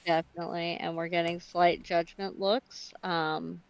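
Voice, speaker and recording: A woman's voice: on the low side, level tone, a little slow, vocal fry, clear, resonant tone, low-quality recording. A woman co-hosting a casual livestream, chatty and wry.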